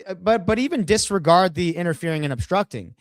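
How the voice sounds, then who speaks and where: A man's voice: high voice, expressive, quick pace, dry recording. A man co-hosting a podcast, brash and profane, walking viewers through a video. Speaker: podcast co-host. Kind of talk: casual podcast discussion.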